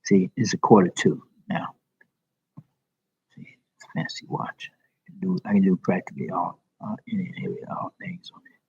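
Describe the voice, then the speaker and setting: A man's voice: low-pitched, moderate pace, long pauses, darkish tone, slightly rough. A man in a public library rambling emotionally and confessionally on a livestream to his viewers. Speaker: vlogger. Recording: dull lo-fi livestream audio.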